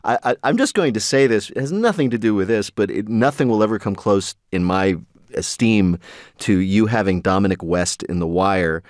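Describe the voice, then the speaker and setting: A man with a lowish voice hosts a podcast interview. He is wry and quick, guiding the guest with questions. The sound is close and dry. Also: lively intonation, no echo. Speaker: podcast host. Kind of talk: conversational interview.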